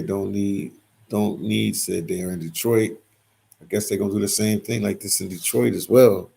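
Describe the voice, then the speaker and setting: A man with a low voice that sits deep in gravelly fry hosts a casual livestream. He reads out the chat and answers it in a loose, repetitive way, and his voice sounds husky. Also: dark tone. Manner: reads chat comments aloud and replies, repeats phrases. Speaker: livestream host reading viewer comments.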